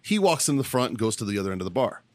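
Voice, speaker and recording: Man, podcast co-host, loud swearing yarn-spinner, lively pitch, dry close mic. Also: very fast, no echo. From Baltimore, Maryland. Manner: loud, swearing, animated storyteller. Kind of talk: profane storytelling among friends.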